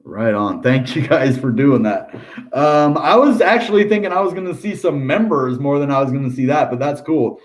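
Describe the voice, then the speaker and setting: Medium-pitched and lively in intonation, an American man speaks at normal speed as he hosts a crypto chart-analysis livestream. The talk is casual and upbeat, thick with filler words like um and "dude" plus sunny asides.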